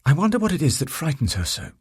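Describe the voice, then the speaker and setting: A man voicing a lively, self-mocking young woman in an audiobook, lifting his voice higher and lighter. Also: fast, breathy edge, dry recording, studio quality, exaggerated voice. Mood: cheerful.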